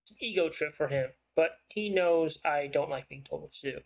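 A man voicing a shrewd, persuasive investigative writer in a story game, with a smooth, probing way of talking. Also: on the high side, brisk, poor audio.

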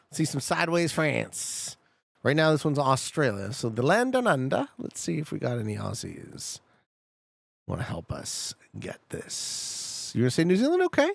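Lively, gravelly-voiced male streamer. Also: fairly high pitch, brisk, dry recording, studio quality. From Canada. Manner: chatty, talks to chat, excitable outbursts. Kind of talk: casual live-stream commentary.

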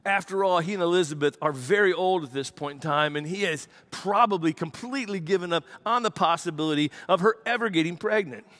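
A man, a pastor, preaching a sermon and telling a story with lively acted-out quotes. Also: high voice, a little fast, few pauses. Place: church.

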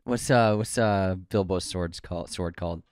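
A man's voice: low voice, moderate pace, darkish tone, no echo, studio quality. A man co-hosting a casual movie podcast, joking, laughing easily and reading a sponsor spot with energy. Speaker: podcast co-host.

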